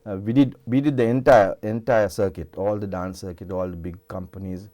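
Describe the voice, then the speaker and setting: An older singer with a Sri Lankan English accent speaks briskly in a low, steady, warm voice. Sitting for a casual television studio interview, he tells rambling stories with many restarts.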